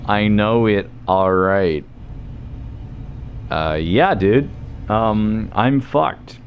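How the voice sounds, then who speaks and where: A man's voice: lowish voice, very slow, highs cut off, slight background noise. An Australian man chatting casually as a livestreamer over gameplay, rambling and joking with plenty of swearing. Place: home streaming setup.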